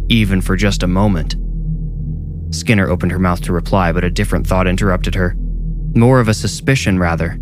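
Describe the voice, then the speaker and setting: A man narrating a horror story in a measured, suspenseful read. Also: low voice, noisy background.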